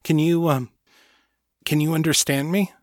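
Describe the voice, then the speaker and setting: A man's voice: on the high side, steady tone, a little slow, dry recording, studio quality, pitched above the performer's own voice, lightly acted. A man voicing an awkward young man with godlike powers, stammering and apologetic.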